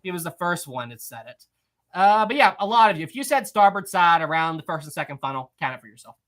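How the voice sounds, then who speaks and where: A man's voice: a little high, expressive, fast, a bit bright. A young man hosting a live history quiz stream, reading chat aloud, teasing viewers and laughing often.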